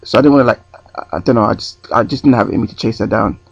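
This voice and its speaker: A man tells a story straight into his webcam, wandering off track and correcting himself. His voice is gravelly and a little husky. The sound is dry and dull. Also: fairly low pitch, rapid-fire, dry recording. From North London. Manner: rambling, self-correcting. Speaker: vlogger. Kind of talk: storytime vlog. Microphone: webcam close to the face.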